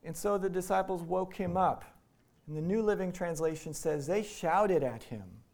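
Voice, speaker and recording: A man's voice: sits high, moderate pace, darkish tone. A man from Iowa preaching a sermon in a conversational way, acting out the quoted lines. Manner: conversational, acts out quotes in voices. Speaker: pastor.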